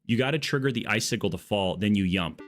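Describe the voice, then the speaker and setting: A man with a lowish, expressive voice talks fast while hosting a live gaming stream, joking and rambling onto tangents in casual chat. Faint music sits in the background of his earbud-mic audio.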